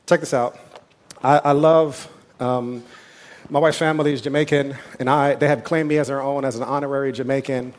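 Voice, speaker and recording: A man preaching a sermon as pastor, talking in a conversational way with asides and quick quoted voices. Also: medium pitch, steady tone.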